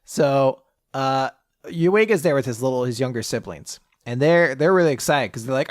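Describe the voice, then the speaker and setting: A man co-hosting a casual manga podcast, recapping a chapter in a lively, animated way and jumping up in pitch to quote characters. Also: moderate pace, dry recording, clean studio sound. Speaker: podcast co-host.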